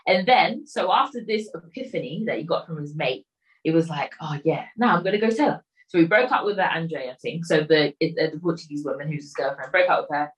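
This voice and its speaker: Casual woman, lowish voice, rambling recap full of quoted lines. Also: expressive, brisk, poor audio. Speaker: storyteller recapping a film. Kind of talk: casual chat.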